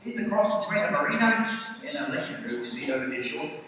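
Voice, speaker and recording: A man's voice: a little high, very animated, quick pace. A man presenting a live farm show on stage, joking with the audience and the animals. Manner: jokey, banters with the crowd and sheep. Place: large indoor show arena. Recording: distant, echoey hall with crowd.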